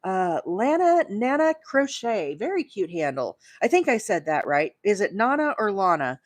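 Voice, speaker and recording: A woman from Alabama chats her way through a live crochet demo, filling gaps with "uh" and "you know" and joking at her own expense. Her voice sits at an ordinary pitch and comes across close and dry, with no room echo. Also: big pitch swings, moderate pace. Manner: chatty and self-deprecating, with many fillers and asides to viewers. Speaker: crochet livestream host. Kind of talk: casual live crochet tutorial.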